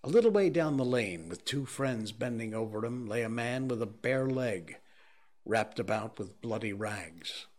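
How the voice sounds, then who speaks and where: A man reading a novel aloud as an audiobook narrator, in a slow, measured and grave way. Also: mid-range voice, expressive. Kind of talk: scripted narration.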